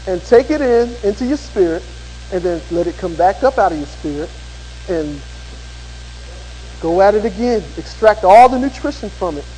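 A man with a very high voice preaches a sermon in a big reverberant hall. He moves between chatty, laughing stories and fervent, emphatic exhortation. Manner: folksy storytelling, rising to fervent preaching. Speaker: pastor.

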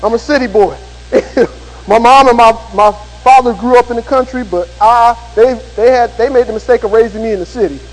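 A man's voice: very high voice, brisk. A man preaching a sermon, telling folksy stories with a laugh and building to fervent, emphatic exhortation. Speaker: pastor. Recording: hall with long reverb.

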